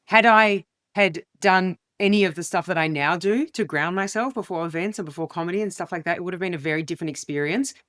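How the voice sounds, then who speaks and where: A woman's voice: fairly low pitch, fast talker, few pauses, dry recording, studio quality. A woman, a comedian guest telling a story animatedly and acting out the quotes in an interview. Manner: animated, acts out quotes in changing voices. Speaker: guest, comedian and communication expert.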